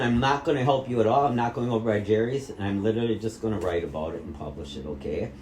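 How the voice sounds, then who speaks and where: A middle-aged Wisconsin vlogger angrily interrogates his mother in a heated family argument, repeating his questions and swearing heavily. His fairly low, slightly mellow voice comes fast with hardly any pauses. The echoey room adds to slight background noise.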